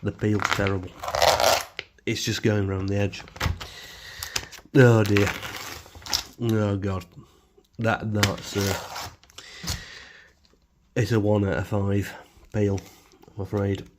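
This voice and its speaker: A man's voice: on the low side, little pitch movement, slow, pauses often, heavy background noise. A man casually reviewing supermarket food in his home kitchen, rambling with many fillers and wry asides.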